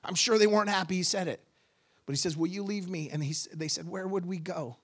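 A pastor preaching with a high, bright-edged male voice. He surges from steady teaching into impassioned, near-shouted climaxes, carrying the congregation with him. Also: fast talker, slightly rough. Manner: impassioned, rising to shouts at peaks. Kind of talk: sermon.

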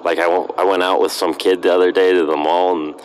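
A man's voice: low-pitched, level tone, fast talker, a little hiss or hum. A young man with a Pittsburgh accent, a podcast guest trading blunt jokes in casual chat. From Pittsburgh, Pennsylvania. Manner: joking, blunt.

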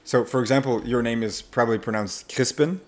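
Male language coach, podcast guest, animated and laugh-prone, middle pitch. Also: brisk. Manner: animated, laughs often while explaining.

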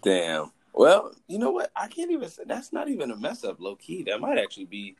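A man in casual conversation, chiming in with quick agreeing reactions and his own stories. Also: a little high, huge pitch swings, a little hiss or hum. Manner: agreeable listener, chimes in with short reactions. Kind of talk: casual chat.

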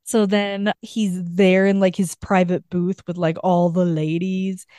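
Chatty woman with a mellow, dry voice. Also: on the low side, flat delivery, measured pace, no echo. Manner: rambling retelling full of "like" fillers. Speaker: podcast co-host. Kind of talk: casual book recap chat.

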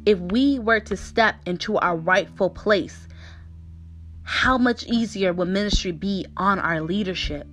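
A woman's voice: medium pitch, measured pace, fairly bright tone. A woman preaching a sermon with fervor, asking the listeners question after question.

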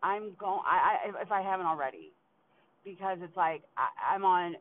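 Exasperated man venting from his car. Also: high-pitched. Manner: frustrated, swearing, halting restarts. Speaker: podcast host. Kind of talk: venting monologue. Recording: tinny phone-like recording with faint hiss.

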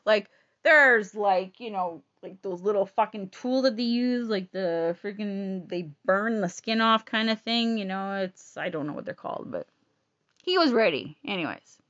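A woman telling a personal story in a blunt, profane and animated way. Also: on the high side, normal speed, dry recording, dull audio.

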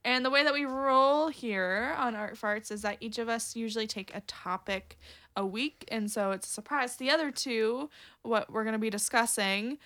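A woman's voice: on the high side, moderate pace, bright, forceful tone. A woman co-hosting a casual podcast, rambling and playful, laughing often. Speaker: podcast co-host. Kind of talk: casual chat.

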